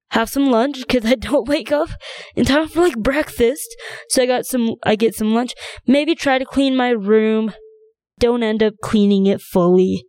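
A woman's voice: on the high side, a little mellow, no echo. A young woman hosting her own podcast, rambling in a casual, chatty way with plenty of fillers. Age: young adult. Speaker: podcast host. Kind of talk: casual solo chat.

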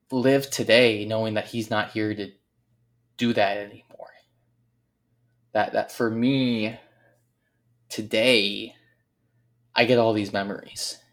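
A man telling a heartfelt personal story about a late teammate, earnest and reflective, often pausing and searching for words. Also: on the low side. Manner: earnest, reflective, halting with frequent pauses. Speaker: speaker remembering a late teammate.

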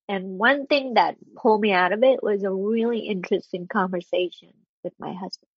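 Husky woman telling a heartfelt story. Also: medium pitch, animated, no room sound, muffled recording. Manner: earnest and heartfelt, with halting restarts. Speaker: interview guest. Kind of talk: candid personal storytelling in conversation.

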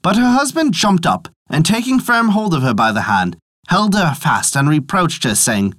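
A storyteller reads an old folk tale with a hugely lively melody, rising and falling through every sentence. The sound is dry and close, with no room around it. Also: moderate pace, no echo. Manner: animated storytelling with wide pitch swings. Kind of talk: scripted narration of a folk tale.

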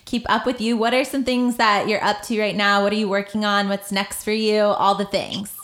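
A woman's voice: medium pitch, little pitch movement, normal speed. Encouraging woman co-hosting a podcast. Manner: warm, encouraging, affirming. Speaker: podcast co-host. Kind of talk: casual interview chat.

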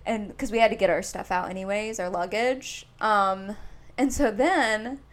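A young woman from Indianapolis co-hosts a podcast, her mid-range voice moving at a measured pace. She tells a long, rambling story in casual chat, packed with "like."

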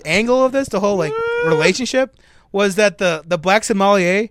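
A young man co-hosting a podcast, telling a story in a casual, animated way with jokey asides. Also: high-pitched, brisk, noisy background. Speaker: podcast co-host. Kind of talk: casual chat.

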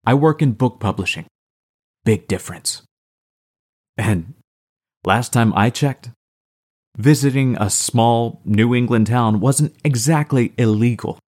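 A man's voice: medium pitch, takes it slowly, pauses often, darkish tone, pitched above the performer's own voice. A man reading the lines of a sarcastic, cocky male publisher in an audiobook. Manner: sarcastic, mocking.

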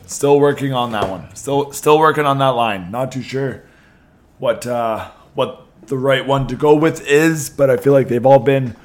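A young man, slightly hoarse, hosting a podcast in a chatty way with many ums and restarts. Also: mid-range voice. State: losing his voice a little. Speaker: podcast host. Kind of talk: casual podcast talk.

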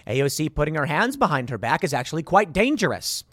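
Guy from chicago reacting to clips, sarcastic and fired up, kinda high voice, dry sound. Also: very animated, fast talker, a bit bright, no room sound. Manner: sarcastic, indignant commentary. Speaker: political commentary host.

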